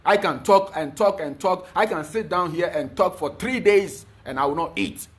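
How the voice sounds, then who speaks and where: Man, high-pitched, preachy, emphatic, spiritual talk, filler-heavy. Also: normal speed. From Ghana. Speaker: spiritual teacher.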